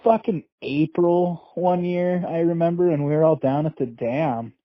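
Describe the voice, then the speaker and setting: A man's voice: fairly high pitch, moderate pace, no room sound. A man hosting a podcast, reminiscing casually with a lot of swearing. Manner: profane, laid-back reminiscing. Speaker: podcast host. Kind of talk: casual chat. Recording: tinny phone-like line.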